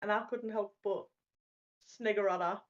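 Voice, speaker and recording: A woman's voice: mid-range voice, steady tone, moderate pace. A woman co-hosting a podcast, chatting casually and telling stories with acted-out quotes. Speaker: podcast co-host. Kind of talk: casual chat. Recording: dull lo-fi mic with faint noise.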